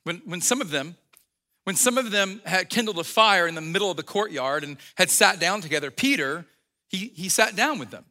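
A man's voice: sits high, expressive, normal speed, pushed and bright, in a large hall. A man preaching a sermon as a pastor, retelling a story in a conversational way, acting out the quotes and often restarting his sentences.

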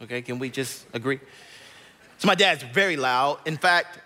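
A man's voice: medium pitch, moderate pace, bright, forceful tone, big-room sound. A man in his thirties, a pastor, telling a humorous personal story to a live audience with asides to the crowd. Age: 30s. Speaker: pastor and speaker.

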